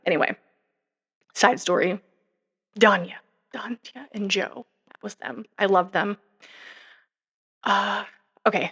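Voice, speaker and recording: A woman's voice: medium pitch, sharp tone. Chatty woman podcaster, rambling storyteller. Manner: chatty, rambling with fillers and asides. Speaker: podcast co-host. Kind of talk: casual true-crime chat.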